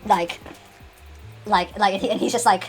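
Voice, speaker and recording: A woman's voice: medium pitch, steady tone, moderate pace, soft background music. A woman telling an unscripted comedic story, rambling with many restarts and laughs.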